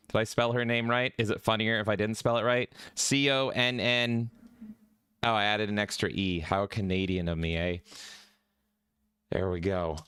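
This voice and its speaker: A man's voice: lowish voice, a bit bright, clean tone, dry recording, studio quality. A man co-hosting a casual gaming podcast, goofy and rowdy, swearing often. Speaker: podcast co-host.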